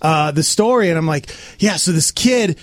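A man's voice: a little high, animated, moderate pace, dry recording. A man from Montana co-hosting a radio morning show, telling stories in an easygoing way with small hesitations. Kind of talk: casual morning-show banter.

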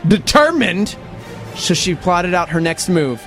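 A man with a fairly high voice recounts a crazy news story in a loose, casual chat. His pitch swings all over as he acts out the quotes, with faint music underneath. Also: a little slow. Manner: animated, puts on voices for quotes, sweeping pitch jumps.

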